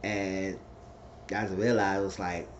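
A man giving a rambling, excitable casual recap of a TV episode. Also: deep voice, slow pace. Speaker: TV episode reviewer. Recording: slightly dull lo-fi recording, faint noise.

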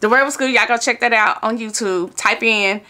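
Woman, 40s, lifestyle vlogger; high-ish, very bright voice, expressive and chatty. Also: normal speed. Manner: animated, exclamatory, with playful whoops. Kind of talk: casual chatty vlog.

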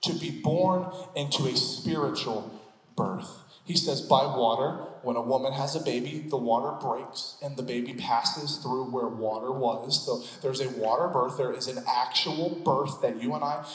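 A man's voice: medium pitch, normal speed. A male pastor preaching a sermon, joking and acting out scenes in funny voices before going back to teaching. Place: church sanctuary. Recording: echoey hall, long reverb.

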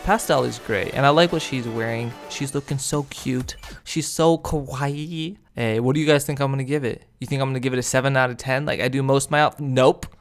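A man's voice: mid-range voice, steady tone, a little fast, hardly any pauses. A young man giving casual, goofy commentary while rating game outfits, rambling and laughing often. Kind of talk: casual commentary over gameplay. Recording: faint background music.

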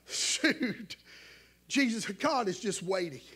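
A man preaching a fervent sermon, swinging between shouted climaxes and hushed asides. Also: high-pitched, lively intonation, slow pace, slightly rough.

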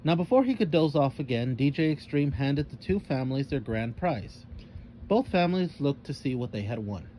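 A man reading a children's story aloud with expressive narration. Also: medium pitch, moderate pace, slight background noise.

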